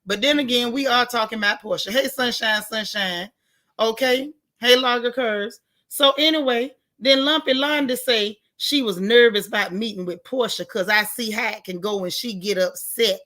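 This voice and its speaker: A woman hosting a casual live stream, reading viewer comments and giving outspoken, animated reactions in colloquial talk. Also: a little high, moderate pace. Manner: outspoken, animated, colloquial, talks back to the chat.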